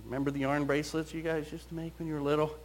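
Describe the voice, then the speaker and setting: A man, a counselor, telling stories from his counseling work in an animated, storytelling way. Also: fairly high pitch, rapid-fire. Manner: animated storyteller, quoting voices. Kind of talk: storytelling talk.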